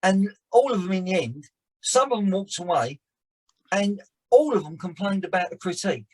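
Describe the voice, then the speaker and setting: A man, an actor and director telling stories in a rambling, animated way as a podcast guest. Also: high voice, moderate pace, poor audio. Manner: animated storyteller, rambling restarts. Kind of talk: casual chat.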